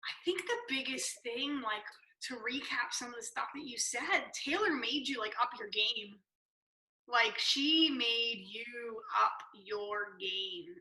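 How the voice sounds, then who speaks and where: A woman's voice: on the high side, takes it slowly, pushed and bright, reverberant, poor audio. A woman hosting a podcast, recapping her guest's points with emphasis. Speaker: podcast host. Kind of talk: casual interview chat.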